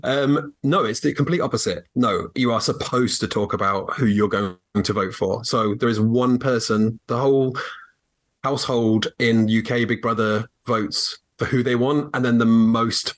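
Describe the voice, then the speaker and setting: A man's voice: medium pitch, normal speed. Laughing male podcast guest explaining rules. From England. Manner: laughs often, explains at length with fillers. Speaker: guest co-host. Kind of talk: casual podcast chat.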